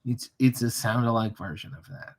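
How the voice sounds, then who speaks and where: A man's voice: medium pitch, moderate pace, a little mellow. A man hosting a casual livestream from a hotel room, reading chat comments aloud with wry, profane joking asides. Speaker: livestream host.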